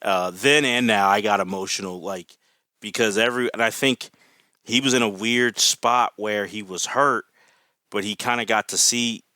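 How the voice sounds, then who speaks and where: Guy rambling excitedly on a podcast, bright forceful voice, kinda low, lots of "you know"s. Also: moderate pace, no echo. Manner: enthusiastic, rambling with many fillers. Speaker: podcast guest. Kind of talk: casual podcast chat.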